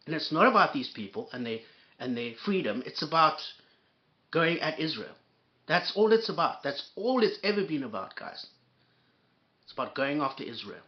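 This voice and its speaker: Man, commentary host, heated and sarcastic, swears freely, lively pitch, dull lo-fi sound. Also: moderate pace. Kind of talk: reaction commentary.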